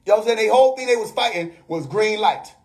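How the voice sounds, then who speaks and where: Man, high voice, preachy livestream host, laughs a lot, keeps checking in with viewers. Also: expressive, quick pace, darkish tone. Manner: preachy, laughing often, repeats "you know what I mean". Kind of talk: casual livestream monologue. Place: bedroom.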